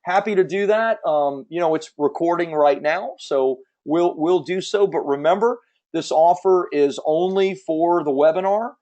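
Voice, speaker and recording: A man hosting a live webinar, giving an emphatic, persuasive sales pitch and answering audience questions from the chat. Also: measured pace, warm tone, muffled recording. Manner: emphatic, persuasive salesman, repeats key points. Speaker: webinar host selling publishing services.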